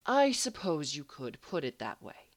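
A woman voicing a stoic, dry-witted grown male scientist who speaks slowly and deliberately. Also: sits low, full character voice. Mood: deadpan. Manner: calm, slow and deliberate.

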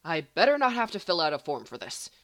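A woman voicing a sarcastic, quick-tongued grown man who gets flustered easily. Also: fairly low pitch, very animated, dry recording, clean studio sound.

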